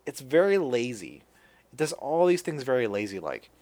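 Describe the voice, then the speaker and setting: A man hosting a casual podcast, recapping a film in a loose, rambling way. His voice sits at an ordinary middle pitch. He stumbles and restarts often and swears offhandedly as he goes. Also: big pitch swings, moderate pace, a little mellow. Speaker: podcast host. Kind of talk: casual chat.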